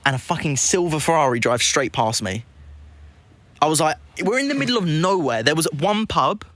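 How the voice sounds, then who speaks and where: A man, a hypnotist guest, telling an animated story in casual conversation, acting out quotes and swearing freely. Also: fairly high pitch, normal speed, dry recording.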